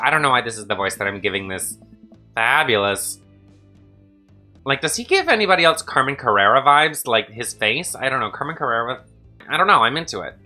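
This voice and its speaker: A woman's voice: rumbling low, big pitch swings, a little fast, bright, forceful tone, soft background music. A woman hosting a let's play, rambling and joking at her own expense as she reads a dating game. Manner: rambling, self-deprecating, jokey. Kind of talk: casual game commentary.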